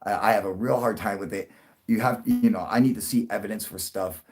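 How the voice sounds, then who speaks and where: A young man telling a long story to his livestream viewers, rambling and swearing, with many restarts and sudden loud bursts. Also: fairly even intonation, quick pace, over music. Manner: rambling, profane, restarts a lot, jumps into loud high bursts for quoted voices. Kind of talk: casual storytelling to a live audience.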